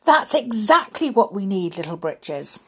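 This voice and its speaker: A woman voicing a big, cheerful, fatherly bear who calls out heartily, a little breathy. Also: medium pitch, very animated, a little slow, pushed and bright, heavily acted.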